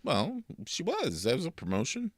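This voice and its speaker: A man's voice: on the high side, huge pitch swings, moderate pace, breathy edge, no echo. A man co-hosting a casual chat, teasing and playful in his banter. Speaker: co-host.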